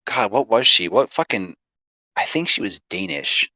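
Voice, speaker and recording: A man's voice: lowish voice, very animated, normal speed, pushed and bright, no echo, lo-fi sound. A man in casual podcast chat, rambling with many fillers and frequent swearing. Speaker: podcast guest. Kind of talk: casual chat about roleplay.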